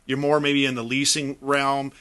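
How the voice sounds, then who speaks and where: Bright-voiced chatty man, Chicago accent. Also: mid-range voice, monotone, normal speed, smooth. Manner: chatty, rambling explanations with many restarts. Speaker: yacht broker guest. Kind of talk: casual radio talk.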